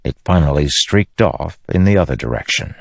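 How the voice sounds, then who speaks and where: Deep-voiced male audiobook narrator. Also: lively intonation, moderate pace, vocal fry, dry recording, studio quality. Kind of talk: scripted narration.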